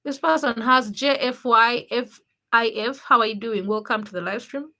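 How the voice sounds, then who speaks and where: Bright-voiced woman hosting a livestream. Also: on the high side, moderate pace. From Uganda. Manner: chatty, greets viewers by name, teasing, laughs often. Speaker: livestream host. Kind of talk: casual live stream chat reading viewer comments.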